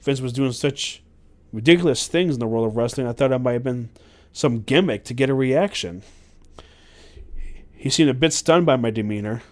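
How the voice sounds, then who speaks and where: A man's voice: medium pitch, moderate pace, pauses often. A man hosting a podcast, reading a memoir aloud with frequent stumbles and self-corrections. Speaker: podcast host.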